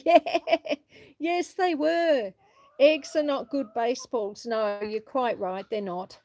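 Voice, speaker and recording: A woman's voice: on the high side, dry recording. A middle-aged woman reading out viewers' comments and chatting casually as she walks around her farm. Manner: chatty, warm replies to viewers, frequent laughs. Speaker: homestead livestreamer reading chat. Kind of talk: casual live chat while walking. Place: outdoors on a farm.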